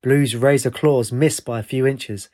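A man narrating a fantasy story with a measured, expressive reading. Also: mid-range voice.

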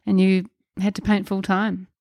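A woman's voice: mid-range voice, completely flat delivery, normal speed, mellow, dry recording, clean studio sound. A woman interviewing an artist in a casual chat, asking follow-up questions and offering brief encouraging prompts.

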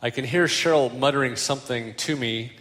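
A man's voice: medium pitch, a little fast, fairly bright tone, long reverb tail, soft background music. An older man preaching a sermon as a pastor, telling stories with self-deprecating humor.

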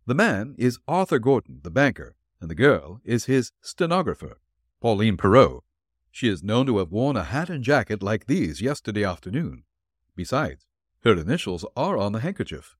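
A shrewd, courteous detective gives calm, firm orders, as a male narrator voices him. His low voice moves with lively rises and falls. The storybook reading is dry and close. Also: moderate pace, slightly rough, dry recording.

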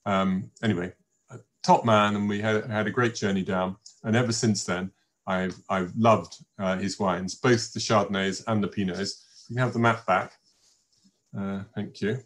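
An older man talks through a wine tasting from his home. His voice sits a little low, and he wanders through his stories with frequent fillers and restarts, in a chatty, unscripted way. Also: fairly even intonation, normal speed. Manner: rambling anecdotal storyteller with many fillers and restarts. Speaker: wine presenter. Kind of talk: informal tasting talk to an online audience. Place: home in a village.

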